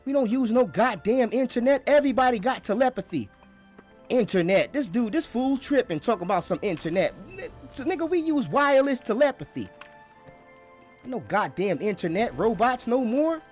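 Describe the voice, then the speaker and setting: A man voicing a brash young man from the future who argues about space travel in loud, slangy, incredulous banter. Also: high voice, very animated, normal speed, soft background music, pitched above the performer's own voice. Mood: mocking disbelief.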